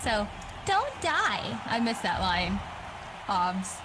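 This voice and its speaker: A woman's voice: medium pitch, very animated, very slow. A woman playing a tabletop game, describing her character's magic in a descriptive, playful way. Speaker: player. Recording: clear background noise.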